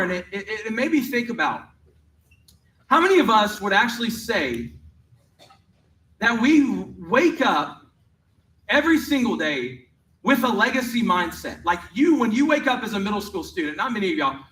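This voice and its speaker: A young man, speaking at a youth camp and telling a story in a lively way, with many "like"s. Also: high voice, slight background noise. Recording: roomy, heard from a distance.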